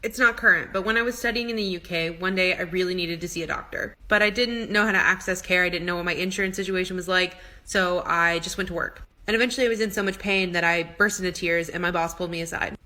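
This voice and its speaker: Fast, bright-voiced woman telling a story. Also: on the low side. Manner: fast, animated retelling with quoted dialogue. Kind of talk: casual storytelling to camera.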